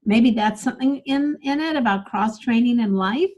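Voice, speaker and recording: A woman's voice: on the high side, moderate pace, a little mellow. A woman teaching a live online workshop as a speaking coach, upbeat and encouraging, chatting with her students by name over a video call.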